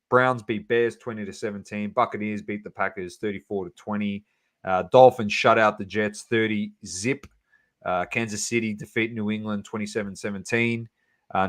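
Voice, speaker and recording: A man co-hosting a sports podcast, running through scores casually with plenty of fillers and banter. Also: on the low side. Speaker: podcast co-host.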